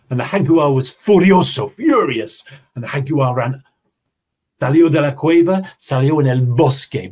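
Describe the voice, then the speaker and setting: Slow, husky-voiced man teaching. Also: mid-range voice. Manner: slow, expressive storyteller, addresses the audience directly. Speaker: language teacher trainer. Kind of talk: storytelling demonstration in an online teaching seminar.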